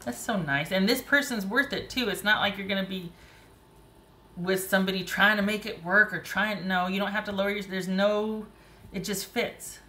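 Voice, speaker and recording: A woman giving a casual, chatty tarot reading, encouraging and quick to laugh and exclaim. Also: mid-range voice, pushed and bright, roomy sound. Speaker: tarot reader.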